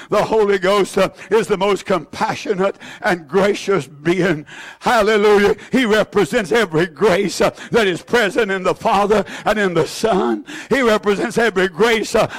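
Man, high voice, fiery sermon, hallelujahs, loud bursts and quiet drops. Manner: fiery, swings from shouts to hushed low lines; exclaims hallelujah often. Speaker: preacher.

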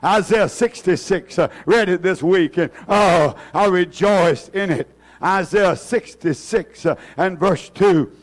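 A man's voice: high voice, takes it slowly. A man preaching a fervent revival sermon, repeating himself with many fillers and restarts.

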